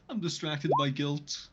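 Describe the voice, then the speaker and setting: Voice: medium pitch, fairly bright tone, breathy edge, muffled recording. A person playing a tabletop game, giggly and self-mocking. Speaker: player. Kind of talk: casual tabletop game chat.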